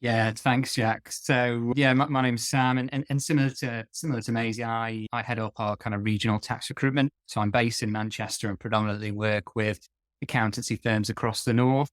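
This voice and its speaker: A man's voice: medium pitch, steady tone, brisk, no room sound. A man speaking as a guest on a podcast, hesitant and repeating words as he goes. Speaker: recruitment guest. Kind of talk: casual podcast chat.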